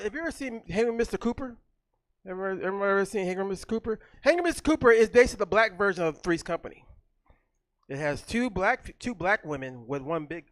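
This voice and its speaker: A man hosting a comedy show on a theater stage, loud and hyped, working the crowd with animated banter into a stage mic. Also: very high voice, no echo.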